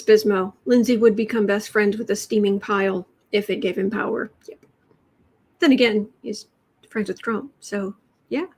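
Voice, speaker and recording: Her voice sits in the mid range, a little mellow with vocal fry and a breathy edge. She's a tarot and astrology stream host from Chicago, USA, with the local accent, doing a live reading in a home room with adjustable lighting and replying to chat wryly and chattily, often stopping mid-thought to restart.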